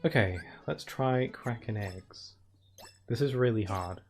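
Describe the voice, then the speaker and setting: A man streams a game with casual let's-play commentary, chatty and rambling, laughing often and saying "like" constantly. He speaks unhurriedly in a mid-range voice, with faint game music behind him.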